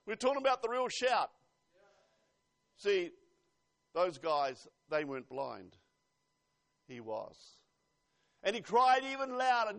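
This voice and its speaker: A male preacher with a notably high voice delivers a fervent sermon. He presses his points with loud, urgent appeals and then drops into quiet, confiding asides. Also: big pitch swings, moderate pace, pauses often. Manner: fervent, swings between loud exhortation and hushed asides.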